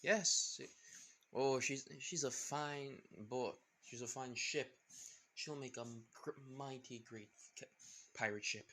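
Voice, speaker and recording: A man's voice: medium pitch, slow, a bit bright. Jack Sparrow, as a man puts him on, drawling pirate. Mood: swaggering. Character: roguish swaggering male pirate captain.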